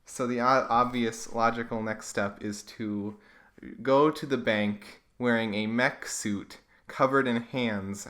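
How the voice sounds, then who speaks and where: A man's voice: mid-range voice, fairly bright tone. A man giving sarcastic, comedic commentary as he reads through comics he drew as a kid. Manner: wry, sarcastic. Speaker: YouTuber reading his own childhood comics.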